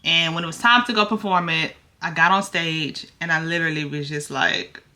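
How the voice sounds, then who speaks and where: Bright-voiced woman in nervous vlog chat. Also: low-pitched, normal speed. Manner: chatty, nervous, acts out both sides of a dialogue. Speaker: vlogger. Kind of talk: casual get-ready-with-me chat.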